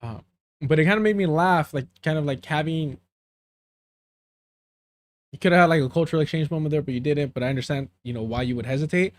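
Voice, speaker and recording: A man's voice: a little high, a little fast, long pauses. Rambling male streamer chatting with viewers. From US–Mexico border region. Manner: rambling storyteller, mixes in Spanish phrases, often loses his word. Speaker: live streamer. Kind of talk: casual rambling chat with viewers.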